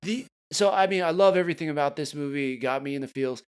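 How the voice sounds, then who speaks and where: A man's voice: a little high, quick pace, smooth. A man co-hosting a podcast, chatting casually and reviewing a film in a laid-back, loose way. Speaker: podcast co-host.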